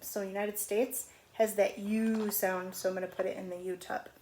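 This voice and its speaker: A middle-aged woman teaching a phonics lesson on video at home, stretching out letter sounds slowly and patiently. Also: medium pitch, level tone, dark tone, a little hiss or hum. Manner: slow, drawn-out sounding of letters. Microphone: camera on video.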